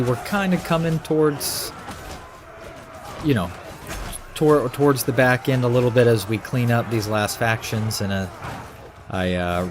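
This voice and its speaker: Easygoing American man chatting with viewers. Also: medium pitch. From United States. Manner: rambling, easygoing, chatty with many fillers. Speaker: gaming streamer. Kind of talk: casual chat with live viewers. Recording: steady background noise.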